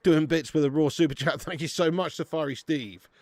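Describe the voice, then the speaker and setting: Male streamer, casual banter, excitable shout-outs, dry close mic. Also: fairly high pitch, brisk, no room sound. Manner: excitable, laughs often, bursts of shouting greetings. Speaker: football watch-along host. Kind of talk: casual live-stream chat.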